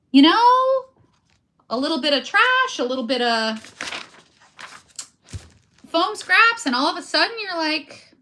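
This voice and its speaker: A crafting video host with a high-pitched, pushed and bright voice chats casually to her viewers as she works on a craft project. She's chatty and keeps joking about herself while her hands stay busy.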